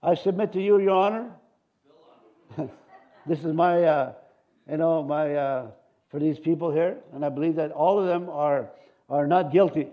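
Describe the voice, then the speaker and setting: A middle-aged male pastor preaches with a high-pitched voice. He is animated and lively, breaking into cheers and amens, and drops in joking asides between his points. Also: unhurried, pauses often, lo-fi sound. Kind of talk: sermon.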